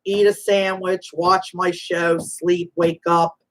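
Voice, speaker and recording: Her voice is lowish and level, and she takes things slowly. An Italian-American psychic reader, she hosts a live call-in show for spiritual readings, emphatic and motherly, addressing callers as honey and sweetie.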